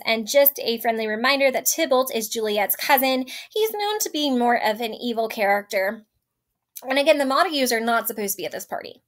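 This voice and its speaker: A woman's voice: a little high, a bit bright. A woman teacher explaining a play line by line in a casual way, with frequent ums and rephrasings.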